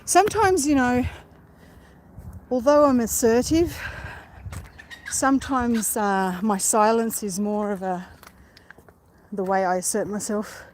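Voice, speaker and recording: Holding her phone while walking through a park, a woman live-streams casually, chatting and rambling and getting easily distracted. She speaks slowly with long pauses, in a darkish, slightly high voice, over faint outdoor background noise.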